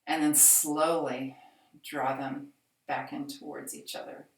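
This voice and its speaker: A woman fitness instructor calmly guiding a chair exercise class with slow, reassuring cues. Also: sits low. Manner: calm, reassuring, slow cueing. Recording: echoey room, mic at a distance.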